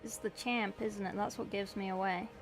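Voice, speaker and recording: A woman's voice: medium pitch, fairly even intonation, moderate pace. A young woman painting miniatures on a livestream, chatting casually and answering viewer chat as she works. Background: faint background music.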